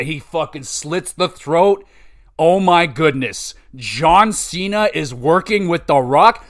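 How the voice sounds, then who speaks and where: A male podcast host with a fairly high voice, swinging widely in pitch as he recounts what he saw. He talks casually, swears a lot and gets excited easily, then drops back to musing. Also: slow. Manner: excitable, profane, animated storytelling. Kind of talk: casual chat.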